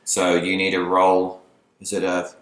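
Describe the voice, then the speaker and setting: A man's voice: sits low, completely flat delivery, unhurried, fairly bright tone, roomy sound. Chatty man narrating a tabletop battle. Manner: casual, chatty, with playful asides. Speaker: battle report host. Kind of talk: tabletop game commentary.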